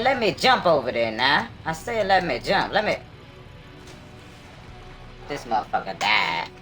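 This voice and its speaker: A man on a squeaky voice changer, trash-talking. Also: exaggerated voice. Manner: loud crude trash talk, playful. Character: squeaky high-pitched trash-talking gamer. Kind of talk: live game streaming.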